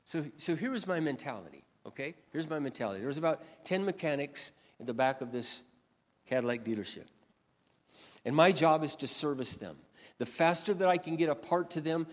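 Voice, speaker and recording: A man preaching a sermon in a storytelling way, animated and swinging between loud passages and quiet asides. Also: fairly high pitch, long reverb tail. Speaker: pastor.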